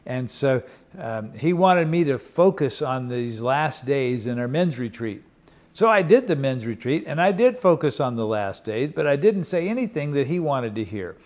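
A man's voice: mid-range voice, animated, normal speed, a little mellow. An older man preaching a sermon in an earnest, conversational way, often checking in with the congregation. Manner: earnest, conversational preaching with frequent "okay?" and "you know". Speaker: pastor.

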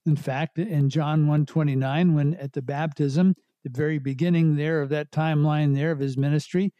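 A man leads a verse-by-verse Bible study, working through scripture in an unhurried, explanatory way and often restarting his phrases. His voice sits a little high for a man but sounds soft and mellow. The recording is close and dry. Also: steady tone, no echo, muffled recording. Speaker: Bible teacher.

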